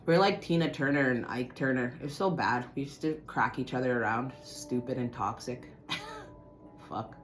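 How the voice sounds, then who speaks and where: A woman telling a personal story to her viewers in casual talk, swearing often and swinging from low muttering to loud outbursts. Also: fairly quick, hardly any pauses, soft background music.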